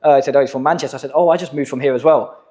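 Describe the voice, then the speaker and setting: The speaker, a young adult man from England who owns an agency and hosts a podcast, talks very fast in a mellow, medium-pitched voice. He swaps stories in a relaxed chat peppered with slang and profanity.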